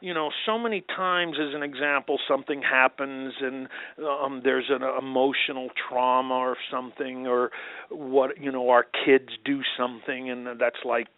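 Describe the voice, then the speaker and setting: A man, a doctor as a podcast guest, answering in an animated, storytelling way and acting out quoted voices. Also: mid-range voice, normal speed, no room sound. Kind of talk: conversational interview answers. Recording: phone-like dry remote line.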